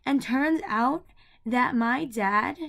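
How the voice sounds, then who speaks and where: A woman's voice: a little high, slow pace, vocal fry, fairly bright tone. A young woman ranting to the camera about her family, heated and rambling, with many fillers and repeated words. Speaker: vlogger. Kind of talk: emotional personal rant to camera.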